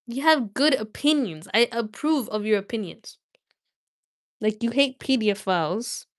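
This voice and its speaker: A woman's voice: a little high, animated, unhurried, no echo, studio quality. A woman hosting a livestream, chatting playfully with viewers between reading passages of a novel aloud. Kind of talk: casual livestream chat and read-aloud.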